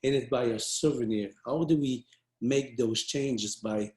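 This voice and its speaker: A man's voice: medium pitch, a little slow, darkish tone. Man, earnest motivational speaker, storytelling, restarts often, roomy echo. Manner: earnest, many restarts and fillers. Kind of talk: storytelling talk.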